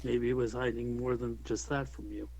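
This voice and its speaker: A man playing a forgetful, dry-mannered man who speaks in a measured, mildly puzzled way. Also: medium pitch, level tone, vocal fry, darkish tone.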